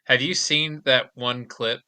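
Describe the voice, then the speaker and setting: A man's voice: mid-range voice, steady tone, slow pace, sharp tone, smooth. A man co-hosting a movie podcast, casually chatting, mostly giving short agreeing replies and laughing easily. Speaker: podcast co-host. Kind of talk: casual movie commentary chat.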